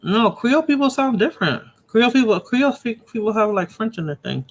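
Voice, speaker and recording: A man's voice: sits high, sing-song, fairly quick. A man hosting a live stream in casual chat, laid-back and chuckling as he signs off.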